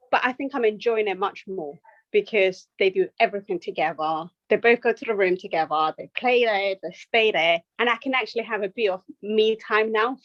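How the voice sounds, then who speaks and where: Animated young mother telling her story. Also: mid-range voice, no echo, muffled recording. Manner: animated storytelling, quoting herself. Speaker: podcast guest, nurse and mother of two. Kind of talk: casual chat.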